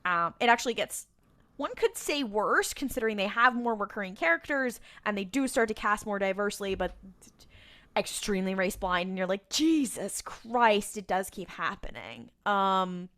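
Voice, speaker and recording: A woman's voice: mid-range voice, normal speed, bright, forceful tone. A young woman co-hosting a podcast, chatting casually and throwing in wry asides. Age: young adult. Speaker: podcast co-host. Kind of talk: casual recap chat.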